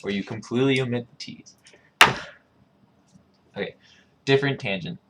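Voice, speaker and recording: A man's voice: medium pitch, moderate pace, heavy background noise. A man thinking aloud casually, musing and repeating words over and over to test how he pronounces them. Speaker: video creator.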